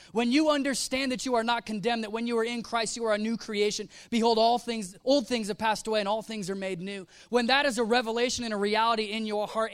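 A man's voice: sits high, a bit bright, clean tone, no echo. A man preaching a sermon, telling a story with casual slang and acting out the quoted voices. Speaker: pastor.

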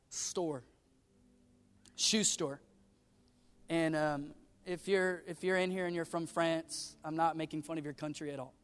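Male pastor, sermon with humorous storytelling, high voice in a reverberant church. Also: fairly bright tone, clear, resonant tone. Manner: storytelling with self-deprecating humor. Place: church sanctuary.

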